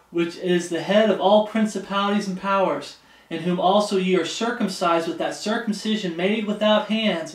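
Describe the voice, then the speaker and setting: A man with a fairly high voice preaches verse by verse, reading scripture aloud and pausing to ask "okay?" His voice rings around an echoey room. He sounds some way off from the mic. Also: distant mic. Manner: reads scripture aloud, keeps checking in with "Okay?". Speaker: pastor. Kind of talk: expository Bible sermon.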